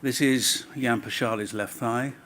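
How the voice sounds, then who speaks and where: A man's voice: medium pitch, fairly even intonation, unhurried, fairly bright tone, slight background noise. A man serving as inquiry counsel, questioning a witness pointedly and formally.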